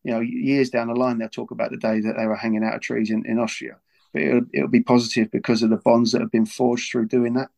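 Earnest man, gravelly and flat. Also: mid-range voice, quick pace. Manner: earnest, repeats words often. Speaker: football club figure as guest. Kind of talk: casual podcast talk.

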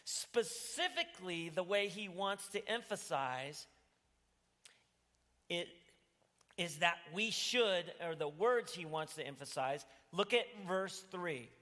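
A man's voice: high-pitched, expressive, slow, pushed and bright. A man preaching a sermon as pastor, earnest and pleading, rising to emphatic bursts. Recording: reverberant church hall.

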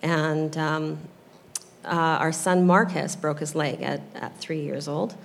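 A woman's voice: low voice, fairly even intonation, slow pace, vocal fry, a little hiss or hum. A woman in her thirties telling a personal faith story in a casual chat, hesitant and full of ums, close to tears as she speaks. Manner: hesitant, with many ums, tearful when moved. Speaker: guest sharing a testimony.

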